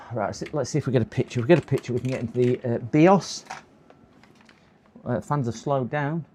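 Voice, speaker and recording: A man's voice: mid-range voice, fairly quick, darkish tone, a little hiss or hum. A tired man with a sore throat, chatting and muttering to himself on a live stream while he repairs a computer. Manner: muttering to himself, chuckling, hopeful coaxing. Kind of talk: casual live-stream commentary while working.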